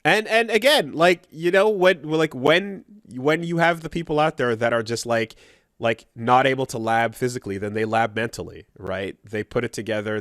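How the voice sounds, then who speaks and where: Relaxed man with a dry, rambling voice. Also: mid-range voice, dry recording. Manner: laid-back, rambling, swears, mock voices in quotes. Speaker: podcast co-host. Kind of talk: casual banter.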